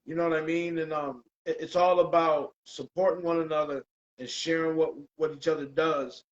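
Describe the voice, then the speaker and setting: A man hosting a casual chat show, relaxed and loose, dropping "bro" and "man" often. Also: a little high, moderate pace, lo-fi sound. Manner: laid-back, says "bro" and "man" a lot. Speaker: podcast host.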